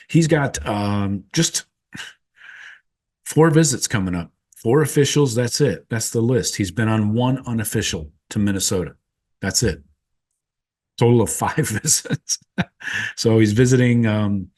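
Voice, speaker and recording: A man hosting a podcast, giving a casual, rambling update with wry asides and plenty of ums. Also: on the low side. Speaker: podcast host.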